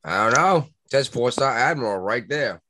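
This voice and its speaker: A man's voice: mid-range voice, animated, moderate pace, sharp tone, a little hiss or hum. A man hosting a casual podcast, talking bluntly with crude jokes.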